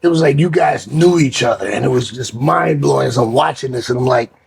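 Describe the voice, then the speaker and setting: A man's voice: mid-range voice, fairly quick, gravelly, a little mellow, slightly rough. A male podcast host chatting casually, blunt and joking with emphatic delivery.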